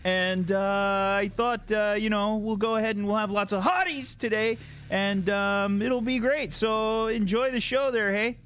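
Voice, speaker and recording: A man's voice: sits high, fairly even intonation, unhurried, fairly bright tone, clear, resonant tone. A man voicing a friendly, folksy Canadian streamer guy, with a put-on Canadian accent and a drawling, filler-laden delivery.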